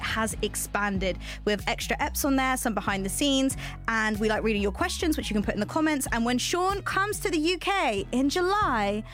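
A woman hosting a podcast, bubbly and playful with quick asides. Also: fairly high pitch, a bit bright. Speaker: podcast host. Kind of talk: upbeat scripted podcast intro and chat.

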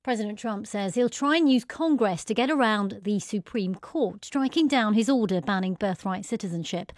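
A woman's voice: medium pitch, animated, normal speed, darkish tone, no echo, clean studio sound. A woman presenting a news program, putting probing questions to a guest and reading the news.

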